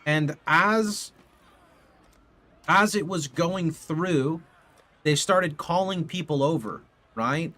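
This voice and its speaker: A young man streaming from his home setup, telling a rambling, animated story to his live chat and swearing casually into a studio mic. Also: a little high, slow pace, long pauses, no echo. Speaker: video game streamer. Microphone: condenser studio mic.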